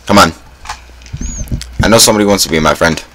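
A man's voice: sits low, fast, sharp tone, a little hiss or hum, poor audio. A young man giving casual gameplay commentary, full of self-mocking groans and dramatic exclamations. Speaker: gaming YouTuber.

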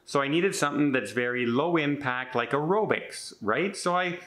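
A man's voice: a little high, expressive, normal speed, fairly bright tone. A man in his fifties talking in a casual vlog, chatty and rambling with many restarts, earnest and a bit defensive. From Canada. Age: 50s. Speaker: vlogger.

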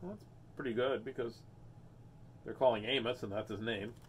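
A man's voice: mid-range voice, steady tone, normal speed, a little hiss or hum. A man reading a children's book aloud as host, breaking off for playful, self-mocking jokes. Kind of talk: storybook read-aloud with joking asides.

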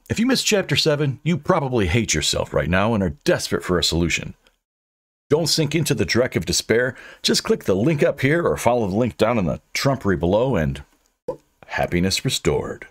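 A man narrating his own fantasy audiobook with dry humor, in a lively, scripted delivery. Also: mid-range voice.

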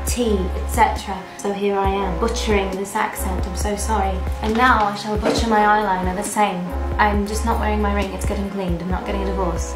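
A woman in her late thirties joking around in a deliberately bad put-on British accent, mocking herself. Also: medium pitch, lightly acted. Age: late 30s. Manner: jokey, exaggerated, self-deprecating. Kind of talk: playful self-mocking video. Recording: echoey room with music behind.

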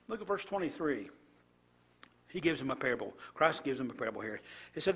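A man's voice: medium pitch, very animated, brisk, pauses often, a bit bright, slightly rough. A man preaching a sermon, reading scripture aloud and commenting with rhetorical questions to his congregation.

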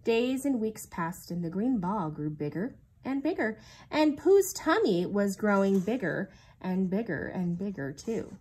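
Expressive woman reading a storybook aloud. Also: mid-range voice, measured pace, slightly rough, low-quality recording. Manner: expressive, sing-song storytelling. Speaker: reader.

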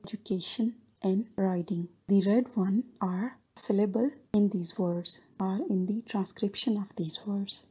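A woman narrates a recorded linguistics lesson over slides, reading definitions at an even, explanatory pace. Her voice is warm and mellow, with a soft husky edge. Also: mid-range voice. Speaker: linguistics lecturer.

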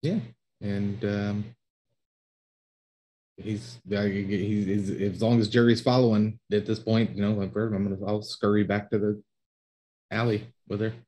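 A man's voice: lowish voice, flat delivery, a little slow, pauses often, mellow, low-quality recording. A man playing a tabletop game, speaking hesitantly and stammering as he describes his character's moves. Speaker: player. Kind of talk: casual tabletop play.

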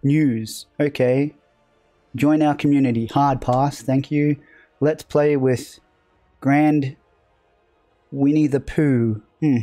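A man's voice: mid-range voice, steady tone, takes it slowly, long pauses, dark tone, dry recording, soft background music. A man streaming a video game live, rambling casually and joking at his own expense while chatting with viewers. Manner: rambling, self-mocking banter with chat.

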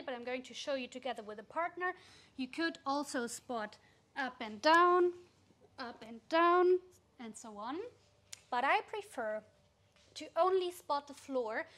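A woman dance teacher giving clear tips to followers, often checking in with listeners. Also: sits high. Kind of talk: instructional dance lesson.

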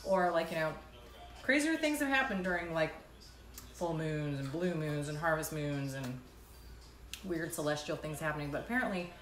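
A woman's voice: sits low, lively intonation, moderate pace, a bit bright. Chatty mom rambling live from her kitchen. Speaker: mom vlogger hosting a live stream. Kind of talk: casual live-stream chat. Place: indoors at home in a condo kitchen. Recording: echoey room.

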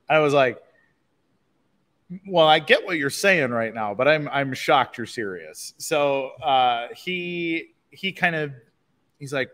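A man hosting a livestream, telling a story in a casual, animated way, laughing often and restarting his sentences. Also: mid-range voice, moderate pace, in a large hall. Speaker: livestream host.

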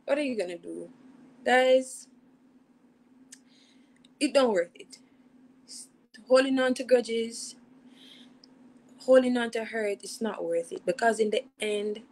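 A woman's voice: medium pitch, a little mellow, low-quality recording. A young woman with a Jamaican accent, hosting a youth show and sharing a personal testimony in an earnest way, repeating phrases for emphasis.

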